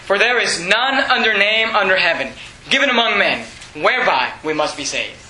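A male pastor preaching a sermon, swinging from shouted peaks to hushed, quiet lines. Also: high voice, expressive, normal speed, echoey room, crowd noise, poor audio.

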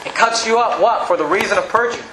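A male pastor preaching an emphatic, shouting sermon in a church. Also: high-pitched, quick pace, echoey room, poor audio. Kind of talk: fiery sermon.

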